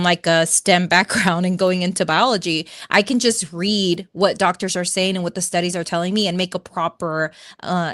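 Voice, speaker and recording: A woman's voice: on the low side, fairly bright tone, no echo, clean studio sound. A woman from the United States, a panelist in a casual political debate, explaining her view earnestly with many fillers.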